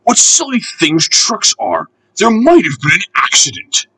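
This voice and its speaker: A high, proud young steam engine, full of bright edge and a slightly husky grain, played by a man reading a storybook. He puffs along with stubborn determination. He swings widely in pitch, from sulky pleading to eager boasting. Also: huge pitch swings, unhurried, full character voice. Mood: pleased. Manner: pleading then determined, puffing. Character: proud young male red engine, touchy.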